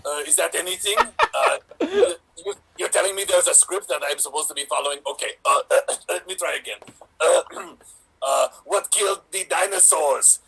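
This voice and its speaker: A man's voice: on the high side, very animated, normal speed, creaky, a bit bright, a little hiss or hum, full character voice, low-quality recording. A man improvising as a bumbling male action star auditioning for a woman's role, hesitant and full of fillers. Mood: flustered. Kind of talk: improv comedy scene.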